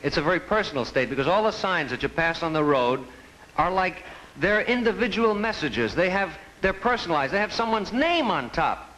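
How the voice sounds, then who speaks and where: Deadpan man doing stand-up. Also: high voice, normal speed, slight background noise, rough recording. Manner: deadpan storytelling, acts out sign voices. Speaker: stand-up comedian. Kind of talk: stand-up routine.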